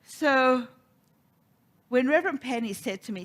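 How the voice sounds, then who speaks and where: Middle-aged woman preacher, animated storyteller with a lively, swooping delivery. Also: mid-range voice, measured pace, long pauses. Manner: storytelling, animated, acts out quoted voices. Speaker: minister. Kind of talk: sermon.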